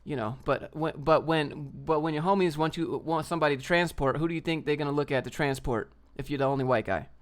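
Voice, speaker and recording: A man's voice: a little high, quick pace, hardly any pauses. A young man hosting a casual livestream, ranting in a brash, slangy way and reading out viewer comments. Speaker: livestream host.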